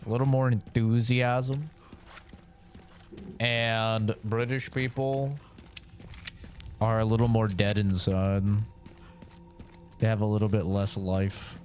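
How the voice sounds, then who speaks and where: A man's voice: lowish voice, level tone, measured pace, darkish tone, a little hiss or hum. A man streaming a game, chatting casually in a rambling, joking way with lots of fillers. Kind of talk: casual chat while gaming.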